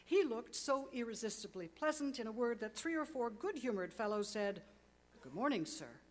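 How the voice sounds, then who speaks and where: A woman narrating a classic story aloud with expressive, dramatic pacing that slows on key words. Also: a little high.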